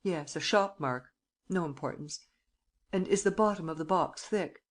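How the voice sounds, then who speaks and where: A woman reading an audiobook, voicing a suave, teasing male gentleman thief who gives brisk commands. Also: lowish voice, close to an everyday voice. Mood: gleeful.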